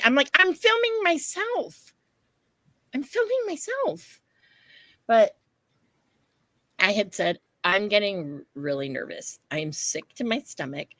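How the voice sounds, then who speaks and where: Animated woman telling a story. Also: medium pitch, dry recording. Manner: animated storytelling, acts out quotes, swears freely. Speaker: podcast co-host. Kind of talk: casual chat.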